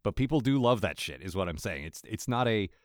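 Lively low-voiced man chatting. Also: brisk, no echo, clean studio sound. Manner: chatty, swearing, laughs often. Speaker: podcast co-host. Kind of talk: casual chat.

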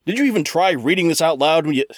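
Sarcastic guy narrating, bouncy pitch, dry close sound. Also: expressive, quick pace, dry recording. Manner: sarcastic, exasperated. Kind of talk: comedic narration.

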